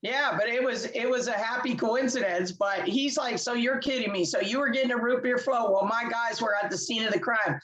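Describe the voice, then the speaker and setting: A woman, a guest telling her story in casual chat, animated and laughing often as she acts out quoted voices. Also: fairly high pitch, a little fast, few pauses, over a noisy crowd, rough recording. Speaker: interview guest.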